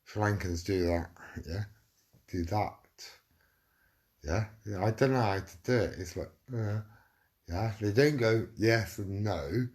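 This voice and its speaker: A man's voice: fairly low pitch, measured pace, a little mellow. A middle-aged man telling a casual anecdote, swearing freely and acting out what people said. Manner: swearing, acts out quotes with "I said". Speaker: storyteller.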